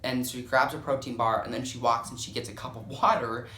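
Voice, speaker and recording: A young storytime vlogger tells a dramatic, casual story, swearing often and filling the gaps with "like." His medium-pitched voice is bright and forceful, fast with fairly even intonation, and the room is echoey.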